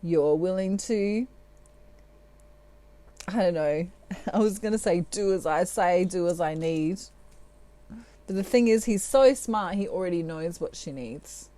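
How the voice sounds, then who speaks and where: A woman's voice: fairly low pitch, dark tone. A middle-aged woman giving a tarot reading, laughing often and acting out quoted lines. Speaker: tarot reader.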